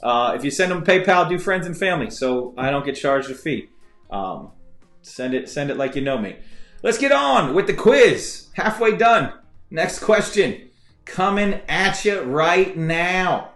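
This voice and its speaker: A man's voice: a little high, very animated, unhurried, fairly bright tone. Chatty male trivia show host. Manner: rambling and chatty, many fillers and restarts. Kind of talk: live-streamed trivia hosting and casual storytelling. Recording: echoey room with faint music.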